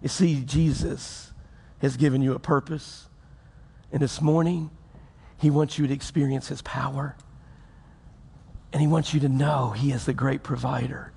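A man's voice: mid-range voice, fairly even intonation, a little slow, gravelly, long pauses, slightly rough. A man preaching a folksy sermon to his congregation. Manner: folksy, preacherly, with acted-out quotes and rising emphasis. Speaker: pastor. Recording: loud music behind. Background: loud music.

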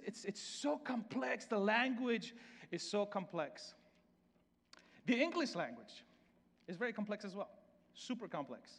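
A man's voice: very high-pitched, fairly bright tone, in a large hall. A man with a Salvadoran Spanish accent, a native Spanish speaker preaching a sermon in a conversational way, often repeating words and starting over. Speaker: pastor.

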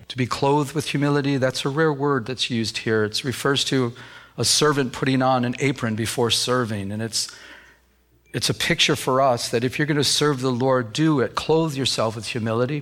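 A man's voice: medium pitch, a bit bright. A man preaching a sermon as pastor, with many restarts, who acts out the voices he quotes.

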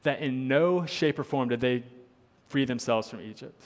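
A man's voice: mid-range voice, normal speed. Man, pastor, sermon, earnest, repeats for emphasis, long hall echo.

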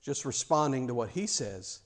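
A man preaching a sermon; he is animated, often stammers and restarts, and acts out the scenes he tells. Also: mid-range voice, normal speed. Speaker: pastor.

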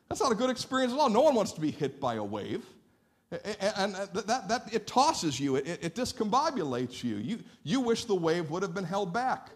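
A man with a high voice preaches in a church sanctuary. He tells lively stories and keeps asking the congregation questions. He comes from Northeast Ohio. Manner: animated storytelling, asks the congregation questions. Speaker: pastor. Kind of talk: sermon.

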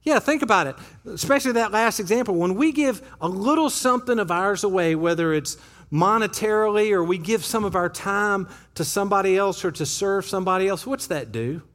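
A man preaching a sermon as pastor in a church, conversational and animated, acting out little quotes as he goes. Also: high-pitched, fairly quick. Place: church sanctuary.

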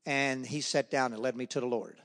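A man's voice: mid-range voice, brisk. Man telling his testimony in a reverberant hall. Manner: animated storytelling, acts out the voices in his stories. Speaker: speaker sharing his testimony. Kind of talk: spoken faith testimony. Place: church hall or meeting room.

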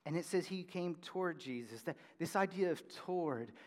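A pastor with a high voice delivers an animated sermon, leaning hard on key words and then falling to a soft hush. His voice rings out with a long reverb, as if it fills a big church hall. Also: normal speed. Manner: animated preaching, dropping to a hushed whisper at times.

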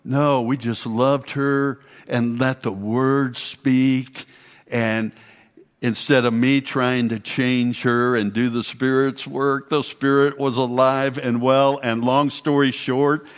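A man's voice: mid-range voice, little pitch movement, slow pace. Guy telling a church story, folksy, acts out the quotes, big echoey hall. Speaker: church speaker. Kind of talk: testimony talk. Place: church sanctuary. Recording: long church hall reverb.

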